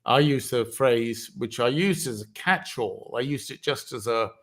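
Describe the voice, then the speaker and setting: A man hosting a casual online chat. He speaks at an ordinary pitch and often stops and restarts mid-sentence, padding his thoughts with "uh" and "um". His delivery meanders before he reaches the point. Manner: halting, many fillers and restarts. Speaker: host.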